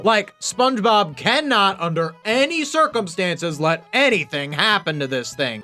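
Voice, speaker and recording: A man's voice: high-pitched, bright, forceful tone. A man giving scripted narration for a video essay, with enthusiastic, opinionated commentary.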